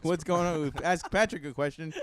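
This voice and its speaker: A man's voice: on the high side, a little fast, a crowd in the background. Laid-back guy reading listener questions. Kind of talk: casual chat.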